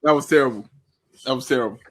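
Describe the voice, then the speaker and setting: A man co-hosting a casual live game-watch podcast, with loud, animated reactions and laughter. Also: medium pitch, fast talker. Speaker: podcast co-host.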